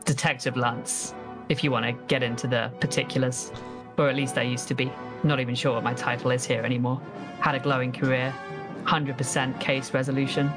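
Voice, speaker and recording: Man doing a world-weary fallen detective, flat dry delivery, loud brass music behind. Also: mid-range voice, a little fast, lightly acted. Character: weary, disgraced male police detective.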